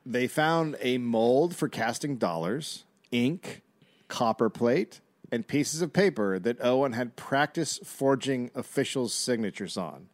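A man's voice: mid-range voice, slow pace, no echo, studio quality. A man co-hosting a comedy podcast, casually retelling a historical story. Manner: relaxed, recounting history. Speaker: podcast co-host.

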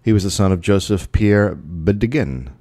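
Middle-aged male podcast host, low and lively, deadpan storyteller. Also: moderate pace. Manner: deadpan storyteller, jokey asides. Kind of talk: reading a history story with banter.

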